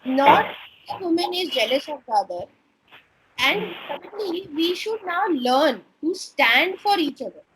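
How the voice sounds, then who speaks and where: An Indian woman in her thirties, a stem cell researcher, talking earnestly in an interview with many pauses and fillers. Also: very high-pitched, animated, a bit bright, slight background noise, low-quality recording. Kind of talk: casual interview talk.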